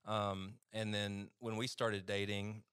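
A man's voice: lowish voice, little pitch movement, slow, fairly bright tone, clear, resonant tone, no room sound, clean studio sound. A man with an East Texas accent, a physician guest casually telling stories on a podcast, chatty and self-deprecating.

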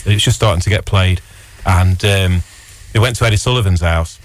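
A man's voice: low voice, fairly quick, slight background noise. A man on a radio show, chatting casually as a guest and telling long stories full of fillers and restarts. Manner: rambling storyteller, frequent fillers and restarts. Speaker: radio guest, record dealer. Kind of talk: casual chat.

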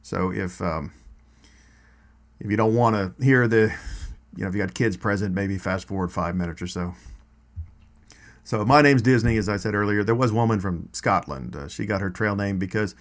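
A man with a fairly low voice tells his stories in a relaxed, conversational way. He wanders into asides and restarts his sentences as he goes. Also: fairly quick. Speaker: storyteller. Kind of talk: casual spoken storytelling.

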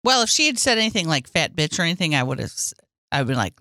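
Bright, lively woman joking around. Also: sits low, fast talker, no echo, studio quality. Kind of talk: casual chat.

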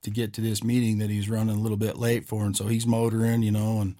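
A low-voiced man telling a long story on a podcast in a relaxed, rambling way. He keeps stopping to check in with "right?" as he goes. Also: fast. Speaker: podcast host. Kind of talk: casual storytelling.

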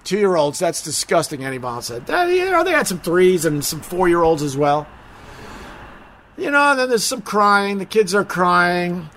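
A man's voice: high-pitched, sing-song, normal speed, fairly bright tone, slight background noise. A middle-aged man chatting casually on a live stream, rambling, mocking himself and swearing freely.

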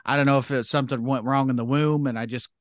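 Male co-host, 40s, reflective and hesitant, mid-pitched, dry studio sound. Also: steady tone, fast talker, dry recording. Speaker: podcast co-host. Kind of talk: casual comedic chat.

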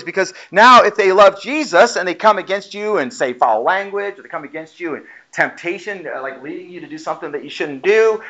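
Male pastor, higher voice, forceful sermon delivery, muffled recording. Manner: emphatic, acts out quoted voices while preaching. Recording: muffled lo-fi sound.

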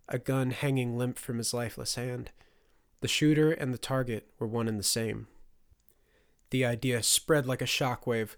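A man narrates a fantasy audiobook in a steady, measured way. His voice sits at an average male pitch.

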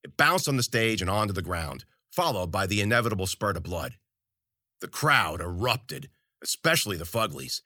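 A man's voice: sits low, big pitch swings, normal speed, sharp tone, dry recording, studio quality. A man narrating a story in first person, with wry, colloquial and profane delivery. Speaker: audiobook narrator.

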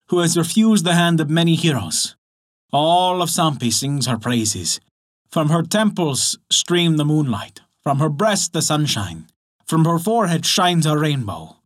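A man voicing a crafty, persuasive old male wizard from a folktale, coaxing and chanting spells. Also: fairly high pitch. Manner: coaxing, incantatory.

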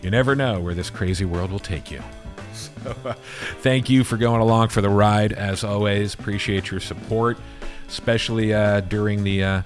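A man's voice: lowish voice, steady tone, moderate pace, soft background music. A man hosting a podcast in casual chat, earnest and affectionate, rambling a little as he talks. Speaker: podcast host.

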